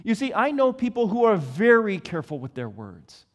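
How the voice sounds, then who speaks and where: A man with a high voice preaches with earnest, searching questions and deliberate pauses. His voice rings with a long reverb. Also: big pitch swings, lo-fi sound. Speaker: pastor. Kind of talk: sermon.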